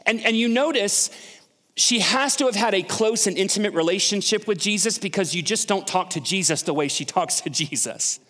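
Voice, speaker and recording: A man's voice: high-pitched, animated, brisk, hardly any pauses, a bit bright, long reverb tail. A male pastor preaching a sermon in a conversational way, often asking the congregation questions.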